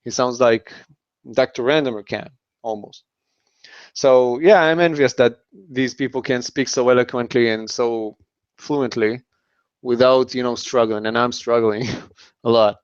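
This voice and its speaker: A man's voice: mid-range voice, fairly even intonation, unhurried, smooth, no room sound. A man from the East, speaking English as an as an interview guest, talking hesitantly with many restarts and fillers. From Middle East. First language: not English. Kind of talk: casual interview. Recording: dull lo-fi sound.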